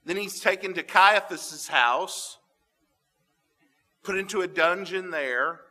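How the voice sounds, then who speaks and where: A man preaching a sermon, reading scripture aloud and explaining it with dramatic pauses. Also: sits high, sharp tone. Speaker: pastor. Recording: long hall reverb.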